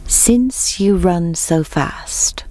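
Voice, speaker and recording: A woman voicing a slow, patient male tortoise who speaks in a hushed, steady way. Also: on the low side, whispered, soft background music. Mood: calm, determined.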